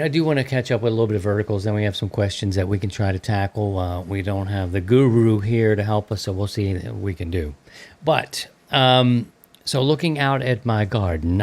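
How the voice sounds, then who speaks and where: A man's voice: lowish voice, darkish tone. A man hosting a radio-hobby podcast in a loose, rambling, casual chat with many fillers. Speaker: podcast host.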